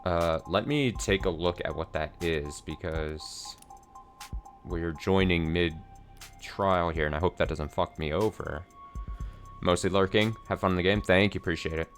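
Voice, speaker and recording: A man's voice: deep voice, normal speed, soft background music. A man streaming a game, reading along and adding loose, joking asides. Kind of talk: casual game commentary.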